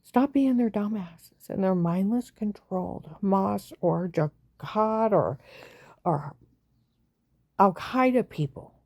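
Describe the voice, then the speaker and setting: A woman in a rambling, agitated monologue that swings between loud outbursts and low whispers. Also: animated, slow, no room sound, clean studio sound. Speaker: vlogger.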